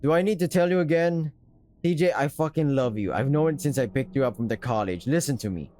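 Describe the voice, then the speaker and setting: A man's voice: medium pitch, a little fast, slight background noise, close to an everyday voice. A man voicing an angry, lovesick young male animal character in a visual novel, talking heatedly. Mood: angry pleading. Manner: heated, shouting confrontation.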